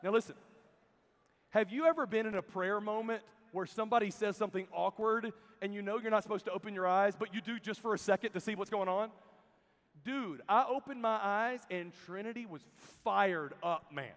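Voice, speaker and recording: A man preaching to students at a youth camp, telling stories and swinging from hushed to loud and emphatic. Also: high-pitched, a little fast. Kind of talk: sermon. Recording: reverberant hall.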